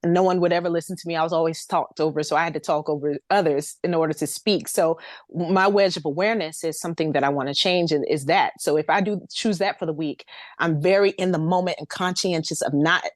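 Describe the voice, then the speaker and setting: A woman from the American South speaks with a light Southern accent in a low, articulate voice. She is expressive and laughs easily as a guest in casual conversation. The recording is dry and close, with no room sound. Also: fast, no room sound. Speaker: guest, ghostwriter.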